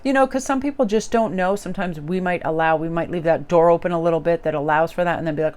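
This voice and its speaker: A woman with a lowish voice reads tarot cards for her audience in a loose, casual way. Her talk is upbeat and chatty, full of fillers, and it jumps high in pitch whenever she stresses a point. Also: fast, few pauses. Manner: animated, with big jumps up in pitch for emphasis. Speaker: tarot reader. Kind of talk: casual tarot reading video. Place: indoors near a window.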